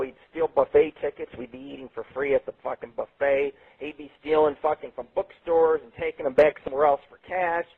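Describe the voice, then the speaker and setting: Husky-voiced man hosting a tinny radio show. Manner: profane, rambling, with sudden jumps in pitch. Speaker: internet radio show host. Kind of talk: rambling late-night radio storytelling. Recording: tinny phone-like sound.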